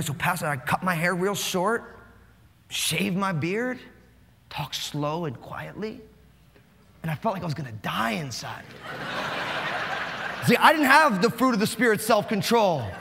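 Fast-talking New Jersey pastor in a hall. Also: male voice, sits high, gravelly, slight background noise. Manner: animated, fast-talking, joking. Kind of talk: sermon. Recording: long hall reverb.

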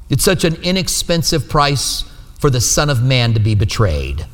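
Speaking in a mid-range voice that's expressive and a little fast, a male pastor teaches a sermon in church. He keeps it conversational and often checks that his listeners agree, with long hall reverb on the recording.

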